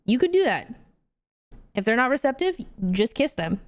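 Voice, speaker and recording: Animated high-voiced young woman ranting. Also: normal speed. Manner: animated, swears freely, gets heated. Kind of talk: casual chat.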